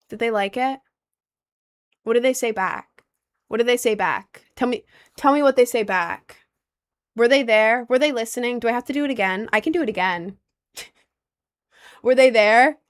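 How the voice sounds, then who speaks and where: A young woman with a low voice, chatting casually on a livestream and reading out comments, playful and giggly. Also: normal speed, pauses often, faint music behind. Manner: playful and giggly, with sudden squeaky bursts.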